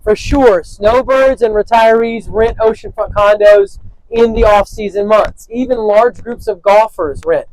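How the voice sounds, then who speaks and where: A man's voice: sits high, measured pace, a little mellow, low-quality recording. A man hosting an interview, talking about property in an upbeat, salesy way that repeats phrases. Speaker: host and real estate agent.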